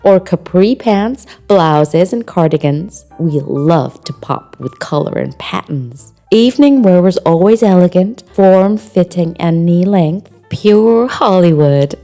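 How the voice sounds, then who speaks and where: A woman's voice: fairly low pitch, lively intonation, measured pace, few pauses, warm tone, soft background music. A woman reading scripted audio description for a stage show, playful and theatrical in manner.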